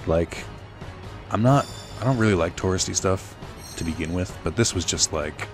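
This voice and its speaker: A man's voice: sits low, normal speed, soft background music. A young man telling a rambling, sardonic story while playing a video game, full of fillers. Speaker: let's play host. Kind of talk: casual storytelling while gaming.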